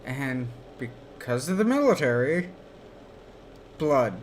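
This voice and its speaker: A man's voice: mid-range voice, sing-song, a little hiss or hum. A man streaming while gaming, telling rambling stories in a casual chat. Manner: slow rambling storytelling.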